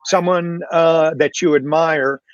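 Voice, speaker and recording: Guy on a panel, kinda high voice, rambles with uh and um, dull dry mic. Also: steady tone, takes it slowly, dry recording. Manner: reflective, many fillers and restarts. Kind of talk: casual panel talk.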